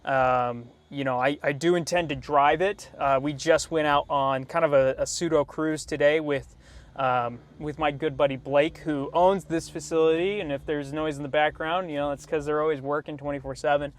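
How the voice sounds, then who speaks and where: A young man, a car vlogger, telling a story to camera in a detailing shop, animated and laughing, with many fillers and restarts. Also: fairly high pitch, moderate pace.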